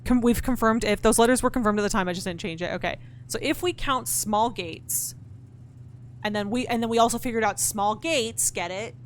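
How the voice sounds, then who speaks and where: A woman with a slightly high, slightly quick voice, with faint hiss or hum in the background, streams a puzzle game. She thinks out loud, answers her chat, talks back to the game's characters, and swears when frustrated. It's live-streamed gameplay chatter.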